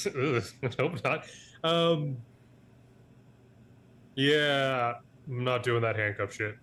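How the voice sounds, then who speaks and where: A man's voice: mid-range voice, fairly even intonation, extremely slow, fairly bright tone, a little hiss or hum. Joking tabletop player man.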